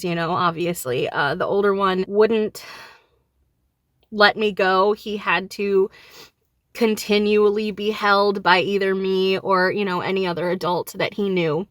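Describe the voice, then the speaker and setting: Young woman vlogger, bright tense voice, dry close sound, grieving and furious, near tears. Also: mid-range voice, steady tone, unhurried, dry recording. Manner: grieving and enraged, voice rising and falling. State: on the verge of tears. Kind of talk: emotional direct-to-camera talk.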